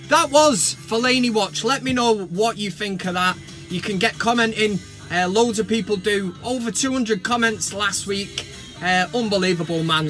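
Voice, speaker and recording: A man hosting a comedic football vlog, ranting in a mocking, sweary, excitable way. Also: high voice. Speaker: vlog host. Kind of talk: casual comedic football rant.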